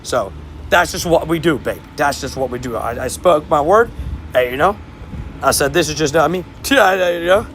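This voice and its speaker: A young man streaming, telling sports stories in a casual, animated way, laughing and repeating himself. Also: on the high side, moderate pace, soft background music. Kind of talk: casual livestream storytelling.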